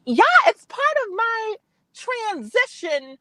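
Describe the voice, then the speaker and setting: Brief: squeaky, bright campy lady caller, sassy gossip, put on by a man. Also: very animated, slow, no echo, heavily acted. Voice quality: squeaky, Minnie Mouse-like. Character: high-voiced campy woman caller. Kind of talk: call-in chat.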